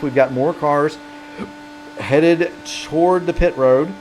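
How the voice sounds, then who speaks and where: A man's voice: fairly high pitch, normal speed, a little mellow, slight background noise. Hiccuping male sim racing play-by-play caller. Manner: rambling, self-correcting play-by-play. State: has the hiccups. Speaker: play-by-play commentator. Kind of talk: sim racing broadcast commentary.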